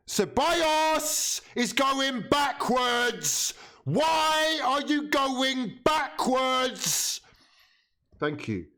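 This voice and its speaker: A young man streams live commentary on a football match, swearing freely and begging the players on. His voice sits at a middle pitch and swings widely up and down as he reacts. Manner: emotional, swears often, pleads with and scolds players.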